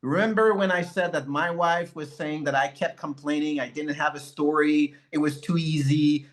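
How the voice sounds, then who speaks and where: Animated man telling a motivational story. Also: fairly high pitch, normal speed. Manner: animated, acts out conversations. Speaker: network marketing leader.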